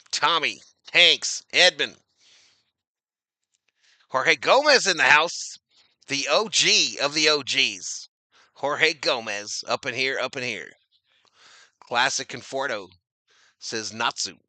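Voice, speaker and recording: A man's voice: fairly high pitch, expressive, slow, pauses often, sharp tone, no room sound. A man giving casual, slangy fan play-by-play of a baseball game, laughing often and reading chat comments aloud. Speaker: live-stream baseball commentator.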